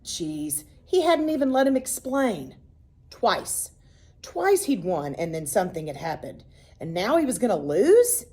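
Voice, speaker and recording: Lady reading a kids' chapter book out loud, lots of up and down in her voice, acts out the dialogue. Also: mid-range voice, a little slow. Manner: expressive storytelling, voices for the children. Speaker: reader. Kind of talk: reading a children's novel aloud.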